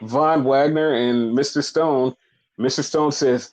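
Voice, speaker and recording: A man's voice: mid-range voice, steady tone, slow pace, darkish tone, low-quality recording. Male podcast host, casual, blunt and swearing, rambles on. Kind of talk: casual wrestling recap chat.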